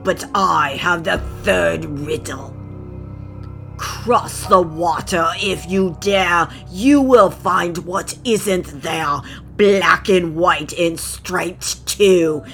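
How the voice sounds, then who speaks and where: A woman voicing a mighty male crocodile ruler in a storybook, speaking in a slow, grand, commanding way. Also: fairly low pitch, vocal fry, a bit bright, soft background music, heavily acted. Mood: gloating.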